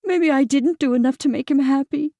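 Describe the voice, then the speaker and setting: A woman's voice: high-pitched, a little fast, dark tone, no room sound, recorded from a distance, voice pushed up. A woman narrator voicing a heartbroken middle-aged wife who speaks through tears. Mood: despairing. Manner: choked, tearful.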